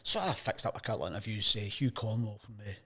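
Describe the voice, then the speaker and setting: Scottish man telling lively anecdotes. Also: lowish voice, quick pace. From Scotland. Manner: lively anecdotes, acts out quoted voices. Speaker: guest, sports journalist. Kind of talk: casual storytelling interview.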